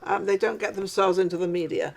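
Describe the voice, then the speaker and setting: A British woman hosting a casual interview show in a studio, chatty and rambling, quick to agree with her guest. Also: medium pitch, steady tone, gravelly. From Britain. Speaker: talk show host. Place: studio in an office building.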